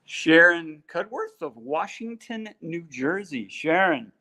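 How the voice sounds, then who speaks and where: A middle-aged man with a voice a bit above the usual male pitch talks in a casual live-stream manner. He reads names and thanks people, cracking small jokes and filling gaps with "uh" and "you know.". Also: sing-song, takes it slowly, sharp tone. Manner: chatty, joking, many fillers. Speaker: co-host reading out purse makers' names.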